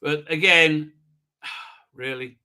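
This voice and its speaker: A man's voice: on the high side, fairly even intonation, drawn-out words, pushed and bright, clear, resonant tone. A man hosting a live stream, recapping an episode in a rambling, sarcastic way, full of fillers, mocking the characters as he goes. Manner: rambling, sarcastic, mimics characters mid-sentence; many fillers. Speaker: host.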